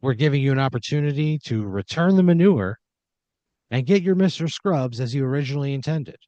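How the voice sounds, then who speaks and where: A man voicing a cheesy, smarmy TV game show host with a brash, drawn-out showman delivery. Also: medium pitch, lively intonation, mellow, no echo, lo-fi sound, voice pushed up, close to an everyday voice. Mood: showy.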